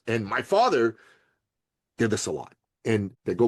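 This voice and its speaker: A middle-aged man from Iran, telling stories in an interview with lively delivery, acting out other people's voices and laughing often. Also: on the low side, measured pace, long pauses, dry recording. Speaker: podcast guest, entrepreneur. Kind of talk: animated storytelling interview.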